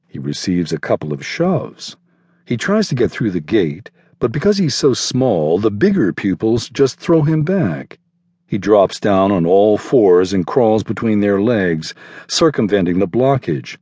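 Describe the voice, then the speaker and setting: A man narrating a literary novel in a measured, unhurried reading. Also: fairly low pitch, big pitch swings, darkish tone, breathy edge, no echo. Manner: measured literary reading, voicing characters lightly. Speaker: audiobook narrator. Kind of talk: scripted narration.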